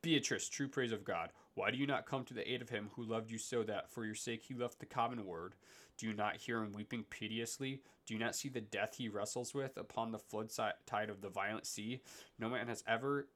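A young man hosts a casual solo podcast, drifting from one tangent to the next. He pokes fun at himself as he goes. His voice sits low yet has a bright, forceful tone. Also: fairly quick. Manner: rambling, digressive, self-deprecating. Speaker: podcast host.

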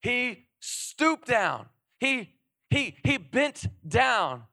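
A young adult male pastor preaching a lively sermon, emphatic, repeating phrases and prompting his audience to respond. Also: extremely high pitch, drawn-out words, creaky, no echo, studio quality.

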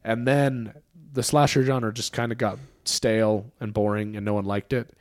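A man co-hosting a podcast in casual chat, talking freely with fillers and getting animated when he makes a point. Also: fairly low pitch, moderate pace, dry recording. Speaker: podcast co-host.

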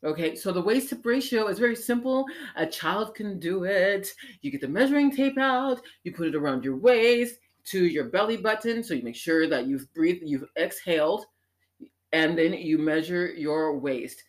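A woman hosting a show, talking in an animated, emphatic personal monologue that swings up into exclamations. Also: lowish voice, moderate pace. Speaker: podcast host.

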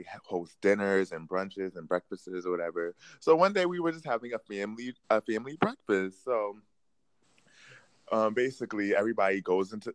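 A young man telling a funny story in casual chat, animated and slangy, often breaking into laughter. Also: low voice, clear, resonant tone, no room sound. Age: young adult.

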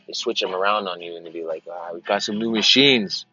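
Low-voiced man rambling on a lo-fi podcast. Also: fairly quick, pushed and bright, faint music behind. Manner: meandering, repeats phrases, slips into silly greeter voices. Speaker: podcast host. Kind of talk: rambling casual monologue.

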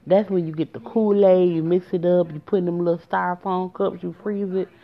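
This time she speaks briskly, her low voice keeping a fairly even intonation. The storyteller vlogger still talks emotionally and conversationally straight to her audience, recorded in dull lo-fi.

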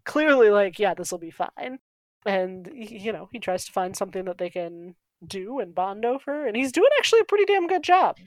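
A woman's voice: medium pitch, sing-song, brisk, few pauses, dry recording. A woman co-hosting a podcast, chatting casually and thoughtfully about a TV show, laughing often. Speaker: podcast co-host. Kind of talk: casual chat.

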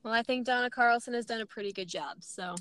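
A woman's voice: a little high, quick pace, bright, forceful tone, no echo. A young woman in her twenties, a guest on a podcast, chatting in an agreeable way. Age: 20s. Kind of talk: casual chat.

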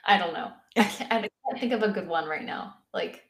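Chatty, animated woman podcast co-host, mid-pitched, swears and laughs often. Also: a little fast. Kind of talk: casual podcast chat.

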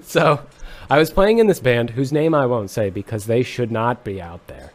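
A young man, a musician, on a podcast, chatting casually in a deadpan, mock-serious joking way. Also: medium pitch, moderate pace. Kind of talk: casual comedic chat.

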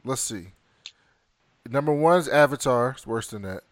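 A man co-hosting a casual movie review chat, reading off a list and adding quick casual opinions. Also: mid-range voice, lively intonation, dry recording. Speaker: podcast co-host.

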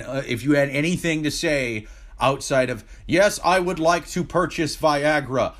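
A man co-hosting a casual podcast, swearing freely as he tells a story. He acts out both sides of the phone calls he describes, at an everyday middle pitch. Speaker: podcast co-host.

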